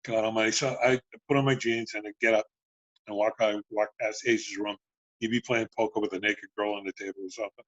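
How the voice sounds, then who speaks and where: A man's voice: fairly low pitch, brisk, no room sound, highs cut off. A man in his sixties, a former band road manager, telling profane backstage stories casually and acting out the dialogue. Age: 60s. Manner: profane, animated anecdotes with acted-out dialogue. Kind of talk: casual storytelling.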